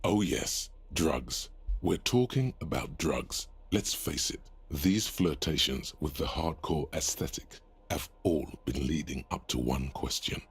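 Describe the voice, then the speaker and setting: A very deep, husky game narrator. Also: male voice, animated, measured pace, heavily acted. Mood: sardonic. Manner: dry, sardonic narration. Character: wry, deep-voiced male game narrator.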